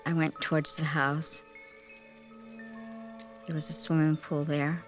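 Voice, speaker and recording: A haunted young witness. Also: female voice, sits low, flat delivery, soft background music. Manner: halting, hushed, haunted recollection. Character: shaken young woman recalling a night of murder. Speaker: narrator recounting events as a former cult member. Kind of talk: dramatized documentary testimony.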